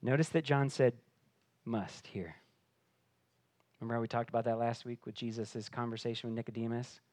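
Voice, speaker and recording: A man preaching a sermon, swinging between hushed, intimate passages and loud, emphatic declarations. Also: medium pitch, steady tone, normal speed, no echo. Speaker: pastor.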